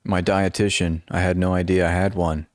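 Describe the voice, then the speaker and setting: Sarcastic low-voiced male streamer. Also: little pitch movement, moderate pace, dry recording, studio quality. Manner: sarcastic, mocking asides with frequent laughs. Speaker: political commentary streamer. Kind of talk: live-stream commentary, reading articles aloud.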